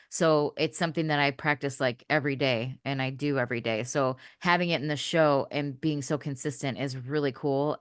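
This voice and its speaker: A woman's voice: extremely low pitch, dry recording, clean studio sound. A woman on a podcast panel who works in radio, talking candidly and effusively and swearing freely. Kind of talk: casual podcast chat.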